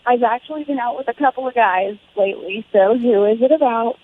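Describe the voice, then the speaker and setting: An American woman talks over a thin, phone-like line. Her voice sits a little high, and she sounds indignant and accusing. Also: brisk, slight background noise. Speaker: caller. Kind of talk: casual phone chat.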